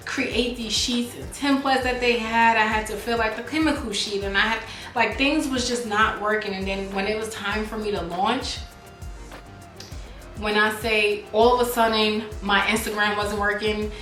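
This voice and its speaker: A woman's voice: medium pitch, a little slow. Chatty woman vlogging, roomy sound. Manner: chatty, animated, talks to viewers like friends. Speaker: beauty vlogger and business owner. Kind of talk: casual chat while doing makeup. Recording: echoey room, faint music.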